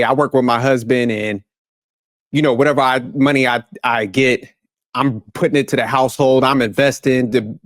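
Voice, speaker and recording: A man's voice: medium pitch, no echo, studio quality. A man hosting a reaction commentary, ranting bluntly in profane street slang. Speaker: commentary channel host.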